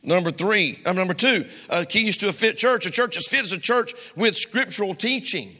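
Pastor guy preaching hard, high bright voice, big church echo. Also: lively intonation, moderate pace. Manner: emphatic, repetitive preaching cadence. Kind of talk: sermon. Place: church sanctuary. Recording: long hall reverb in a church.

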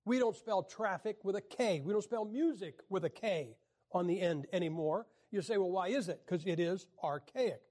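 A man teaching a Bible class in a folksy, joking way, often clearing his throat and restarting his sentences. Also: high-pitched, normal speed, a little mellow. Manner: frequent throat clearing and restarts, jokey asides. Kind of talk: folksy teaching talk with jokes.

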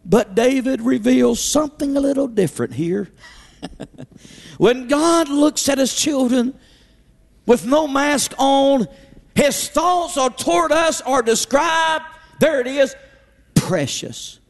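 High-voiced, gravelly man preaching passionately. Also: takes it slowly, big-room sound. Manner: impassioned, repetitive, swings between shouting and hushed pleading. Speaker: preacher at a revival. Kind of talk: sermon. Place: church auditorium.

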